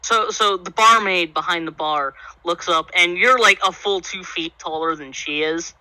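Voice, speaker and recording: A man's voice: high-pitched, steady tone, moderate pace, few pauses, pushed and bright, no room sound, rough recording. A man narrating a tabletop game as game master, with many fillers in a loose storytelling way.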